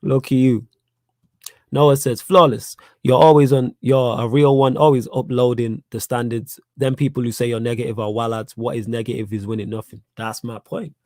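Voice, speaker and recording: A man's voice: mid-range voice, fairly even intonation, moderate pace, darkish tone, no echo. A young man with a Manchester accent hosting a live fan Q&A stream, blunt and repetitive, getting heated as he argues his points. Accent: Manchester English. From Manchester, England. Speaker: fan channel host.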